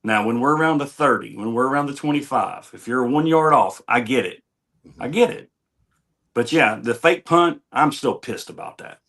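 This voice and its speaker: A man's voice: mid-range voice, moderate pace, fairly bright tone. A man on a sports talk show giving an earnest, conversational fan's opinion about his team.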